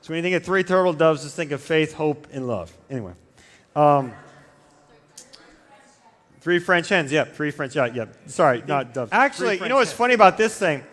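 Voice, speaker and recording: A man with a fairly high voice preaches to a youth group in a loose, joking way, wandering into side stories and breaking off his own sentences. His voice rings out with a long reverb through a large church hall. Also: expressive, brisk, pauses often, a bit bright. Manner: rambling, digressive, self-interrupting. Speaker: youth pastor. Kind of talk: casual humorous youth sermon.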